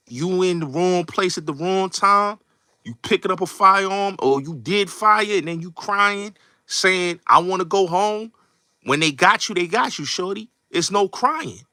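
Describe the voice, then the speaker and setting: A show host goes off in a blunt, streetwise rant, hammering the same points again and again. His voice sits slightly high and cuts through with a bright, forceful edge. The recording is dry and close, with no room sound. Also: dry recording. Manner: blunt, streetwise, repetitive and emphatic. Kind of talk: casual commentary rant.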